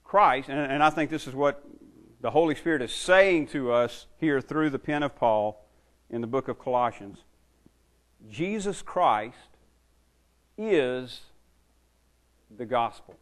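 A middle-aged or older man giving a sermon as a pastor, talking through a passage in a conversational way and reading the quoted verses with slow, strong emphasis. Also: mid-range voice.

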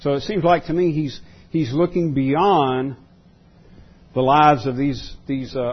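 Husky-voiced man preaching a sermon. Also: mid-range voice, highs cut off. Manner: halting, repeats words while thinking aloud. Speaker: pastor.

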